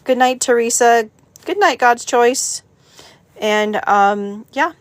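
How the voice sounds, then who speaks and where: A woman's voice: fairly high pitch, takes it slowly, dry recording. A middle-aged woman hosting a casual livestream, chatting to viewers and cooing at her dog, laughing often. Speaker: livestream host.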